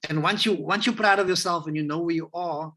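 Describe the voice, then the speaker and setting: A South African man talking in a relaxed, rambling way and acting out the voices of people he quotes, as a guest on a video call interview. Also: on the high side, fairly quick. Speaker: hip hop educator, interview guest. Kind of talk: casual interview conversation.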